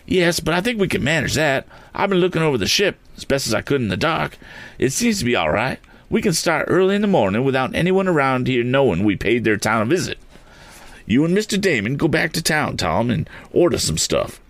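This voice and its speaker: A man voicing a confident male balloonist laying out plans, in a brisk, decisive manner. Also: mid-range voice, sing-song, fairly bright tone, dry recording, pitched above the performer's own voice.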